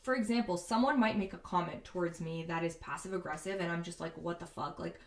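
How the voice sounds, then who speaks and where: A woman's voice: fairly low pitch, quick pace. Casual, candid woman in an echoey room. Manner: casual and candid, frequent "like" and "you know". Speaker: podcast host. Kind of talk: reflective self-help talk.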